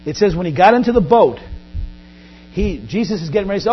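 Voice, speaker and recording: A man preaching a sermon as pastor, animated, often acting out Bible scenes in quoted voices. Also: high-pitched, fast talker, pauses often, husky. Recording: dull lo-fi recording with faint mains hum.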